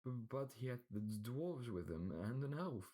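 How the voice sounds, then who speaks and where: A man's voice: mid-range voice, animated, a little slow, dark tone, pitched above the performer's own voice. A man voicing a terrified male servant who lisps and stutters, pleading in a panic, in a storybook reading. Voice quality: stuttering, lisping.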